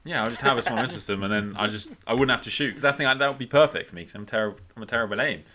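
A man's voice: medium pitch, rapid-fire, sharp tone. A man in casual podcast chat, talking hesitantly with stumbling starts.

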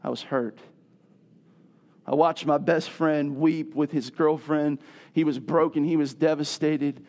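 A middle-aged man preaching a sermon, telling a personal story and building to loud, emphatic passages. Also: a little high. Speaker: pastor.

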